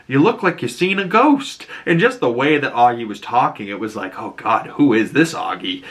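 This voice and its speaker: A man's voice: mid-range voice, sharp tone. A man with a Boston accent hosting a casual episode breakdown, chatty and rambling, with crude, enthusiastic asides. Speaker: show reaction host.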